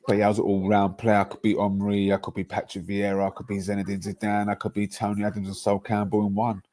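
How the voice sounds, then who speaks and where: A man's voice: fairly low pitch, completely flat delivery, quick pace, mellow. A man, chatting casually and boastfully about football on a podcast with friends, rambling between slangy asides.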